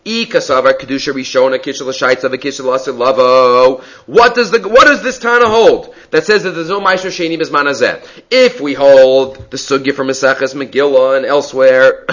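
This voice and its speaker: Bright-voiced man giving a Talmud lecture. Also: medium pitch, lo-fi sound. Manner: mixes English with Hebrew and Aramaic quotations, lively reading of sources; talks fast with frequent restarts. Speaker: Talmud teacher.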